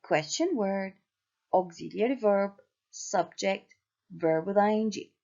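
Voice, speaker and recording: A woman teaching an English grammar lesson, speaking slowly, repeating patterns and spelling out letters. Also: mid-range voice, a little mellow, dull audio. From Syria.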